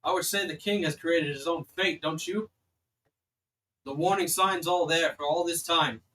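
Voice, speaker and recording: A man's voice: fairly high pitch, a little fast, sharp tone, rough recording. A man voicing a stern, commanding male elven wall guard in a tabletop game. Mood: grave. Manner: barking orders.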